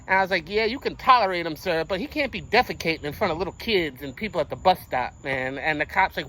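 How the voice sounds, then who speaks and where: A young man telling a story to his viewers in casual street slang, animated and full of swearing. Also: high-pitched, fast, few pauses, a little hiss or hum, poor audio. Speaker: vlogger.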